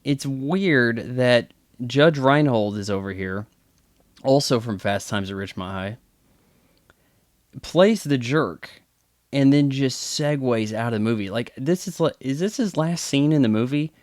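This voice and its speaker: A man's voice: mid-range voice, lively intonation, measured pace, dry recording, clean studio sound. A man giving casual movie commentary with chatty, wry asides. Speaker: film commentator.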